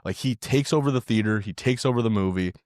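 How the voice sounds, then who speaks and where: Deep-voiced man in casual podcast chat. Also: quick pace, darkish tone, no room sound, clean studio sound. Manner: loose and profane, says "dude" a lot. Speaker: podcast co-host. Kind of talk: casual film review chat.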